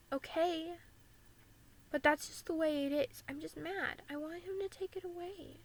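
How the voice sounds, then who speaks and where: Young american woman vlogging about anxiety, high voice, earnest, lots of "like". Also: low-quality recording. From United States. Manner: candid and earnest, frequent "like" fillers. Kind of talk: personal talk about living with anxiety.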